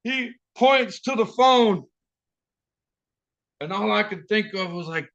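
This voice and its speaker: A man's voice: high-pitched, animated, slow, pauses often, fairly bright tone, dull audio. Man telling a streetwise story. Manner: streetwise, profane, vivid. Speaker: open mic storyteller. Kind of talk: spoken storytelling at an open mic.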